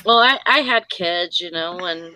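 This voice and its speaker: A woman's voice: lowish voice, lively intonation, normal speed, background noise. A woman casually telling a personal story on a live chat show, rambling with fillers.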